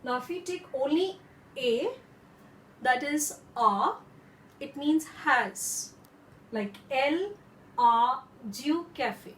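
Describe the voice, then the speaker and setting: A woman French teacher who explains slowly and carefully and repeats her examples. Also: high-pitched, a little hiss or hum. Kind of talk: instructional lesson. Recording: echoey room.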